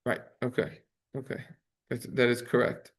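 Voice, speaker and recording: A rabbi teaches a halacha class as a Talmudic study lesson, chanting Hebrew text in a singsong before translating and explaining it conversationally, correcting himself along the way. His voice is mid-range and creaky, at normal speed.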